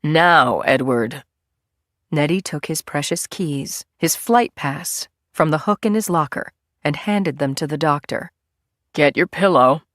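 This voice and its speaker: A woman narrating a thriller audiobook in a measured, steady storytelling manner. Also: deep voice, no room sound, clean studio sound. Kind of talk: scripted narration.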